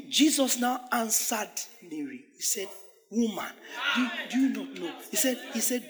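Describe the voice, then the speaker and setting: A man preaching a sermon, animated, laughing often and acting out the voices of biblical figures. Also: sits high, normal speed, crowd noise. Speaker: pastor.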